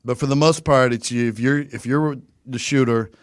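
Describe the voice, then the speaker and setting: A man's voice: medium pitch, steady tone, moderate pace, clean tone, dry recording, studio quality. A man co-hosting a podcast, telling rambling stories in casual, profane chat. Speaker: podcast co-host.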